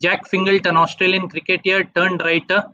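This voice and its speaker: A man giving a webinar talk, walking through slides in a measured way. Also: high voice, little pitch movement, pushed and bright, no room sound. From India. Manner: measured, asks for next slide often. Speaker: webinar speaker. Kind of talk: slide presentation lecture. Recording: dull dry online audio.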